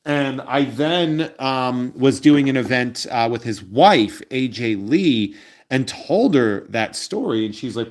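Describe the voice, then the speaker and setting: A man's voice: mid-range voice, animated, slow. A man in his forties hosting a card collecting channel, chatting casually to viewers in a rambling way, with many ums and uhs. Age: 40s.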